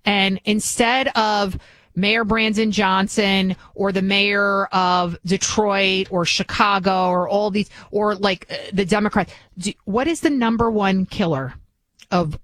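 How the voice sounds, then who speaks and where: A woman's voice: medium pitch, fairly even intonation, a little slow, a bit bright, no room sound, rough recording. A woman hosting a political commentary show, delivering an opinionated monologue full of rhetorical questions and restarts.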